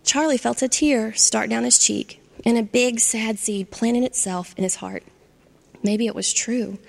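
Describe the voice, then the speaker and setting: A woman reading a children's storybook aloud with expressive narration. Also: fairly high pitch, measured pace, gravelly. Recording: long hall reverb.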